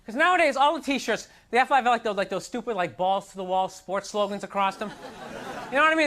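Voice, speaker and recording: Exasperated stand-up comic ranting onstage. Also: male voice, sits high, lively intonation, a little fast, sharp tone. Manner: exasperated, self-mocking rants with mocking voices. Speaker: stand-up comedian. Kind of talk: stand-up comedy set. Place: comedy club stage. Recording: live club recording with crowd and noise. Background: audience laughter.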